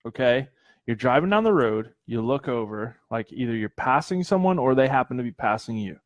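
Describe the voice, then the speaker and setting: A man co-hosting a casual show, talking in excitable, crude banter. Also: medium pitch, a little fast, no room sound, highs cut off. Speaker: podcast co-host. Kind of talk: casual chat.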